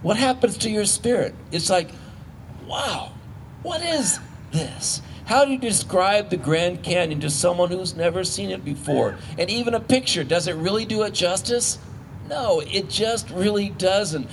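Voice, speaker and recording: Conversational pastor preaching a sermon. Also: male voice, high voice, expressive, slight background noise. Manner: conversational, halting with restarts and rhetorical questions.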